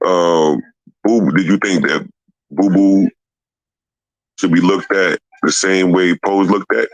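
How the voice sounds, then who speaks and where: Man, very low voice, dry sound, measured questioning. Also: fairly even intonation, no room sound, low-quality recording. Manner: measured, asks multi-part questions. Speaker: interviewer.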